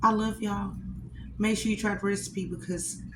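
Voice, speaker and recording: A woman chatting casually with her viewers from home as a cooking vlogger, addressing them directly and warmly as a group. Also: mid-range voice, steady tone, moderate pace, reverberant, noisy background. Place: at home while eating a meal.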